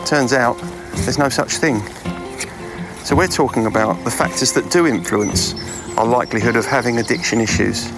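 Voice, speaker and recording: A man presenting a podcast's opening lines as scripted narration, leading with rhetorical questions. Clear music plays under him throughout, and his pitch sits in the middle range. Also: normal speed. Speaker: podcast host. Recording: intro voice with music bed.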